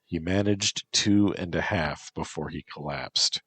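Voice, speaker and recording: A man narrating a story in a slow, measured reading voice with a husky tone. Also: sits low, a bit bright, no echo.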